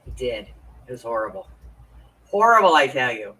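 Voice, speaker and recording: A woman's voice: a bass voice, very animated, moderate pace, bright, forceful tone, husky. A woman in her fifties hosting a crafting live stream, chatting in a confiding way and greeting viewers by name. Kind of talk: casual chat while crafting. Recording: voice a bit far from the mic.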